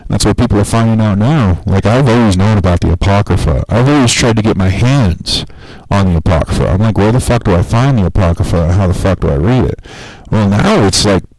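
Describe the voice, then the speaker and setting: A man talking casually on a podcast in a rambling, profane, animated way. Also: fairly low pitch, no room sound, low-quality recording. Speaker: podcast host.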